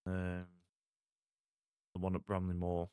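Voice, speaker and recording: Young man, very low voice, dry close sound, laid-back gaming chatter. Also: monotone, slow, dark tone, smooth, dry recording. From Salford, England. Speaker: streamer. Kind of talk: casual gaming stream chat.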